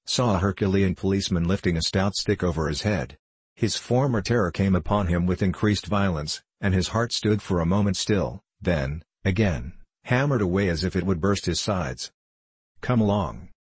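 A man giving scripted narration of a classic novel in a measured, literary storytelling manner. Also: low voice, slightly rough, dry recording. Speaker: audiobook narrator.

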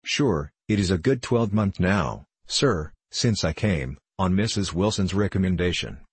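Male reader voicing a nervous, chatty Irish cook woman in a storybook; deep, husky, dry. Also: expressive, a little slow, no room sound, full character voice. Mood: flustered. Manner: rambling, pleading, emotional.

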